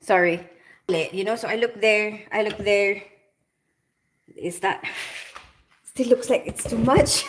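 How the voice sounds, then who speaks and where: A woman's voice: medium pitch, slow pace, long pauses, a little hiss or hum. A woman from the Philippines hosting a casual live cooking stream, chatting in a rambling way with many fillers as she cooks. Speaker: livestream cooking host. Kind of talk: casual live cooking chat, reading comments.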